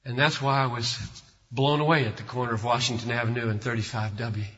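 A man preaching a sermon as pastor, emphatic, building to loud, slow declarations. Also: medium pitch, level tone, slightly rough. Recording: lo-fi recording in a reverberant hall.

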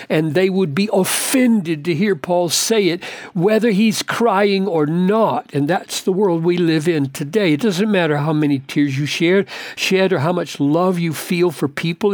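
An older man teaches through a scripture passage in a slow, deliberate way, pressing on key words with earnest weight. His voice sits a little high for a man. The sound is dry and close, with no room around it. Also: a little mellow, no echo. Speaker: pastor. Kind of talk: Bible teaching talk.

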